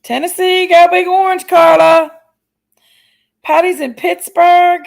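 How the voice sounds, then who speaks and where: Chatty woman with a gravelly voice. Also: extremely high pitch, flat delivery, low-quality recording. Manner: chatty, playful, drawn-out exclamations. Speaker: livestream host. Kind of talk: casual chat reading live comments.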